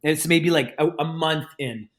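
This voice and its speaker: A male magician chats as a podcast guest, with a slightly high voice. He tells stories in a loose, animated way and often restarts his sentences. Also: unhurried. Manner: animated, rambling, with frequent restarts and fillers. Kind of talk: casual storytelling in a podcast interview.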